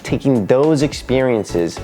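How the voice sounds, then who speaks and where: A man's voice: mid-range voice, lively intonation, slow, dark tone, faint music behind. A man hosting an educational video, explaining things in a scripted way and sometimes tapping out spoken rhythms. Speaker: video essay host.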